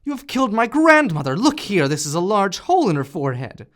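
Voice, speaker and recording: Guy doing a high loud sly young peasant, yelling and begging, storybook voice. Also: sing-song, moderate pace. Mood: outraged. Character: cunning young peasant man, desperate and pleading.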